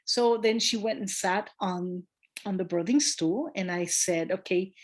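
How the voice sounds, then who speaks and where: A woman midwife, a guest in a conversational interview, telling a story with emphasis, acting out quoted voices and pausing on fillers. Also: mid-range voice. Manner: animated storyteller who acts out quoted voices; warm and emphatic, with hesitant fillers.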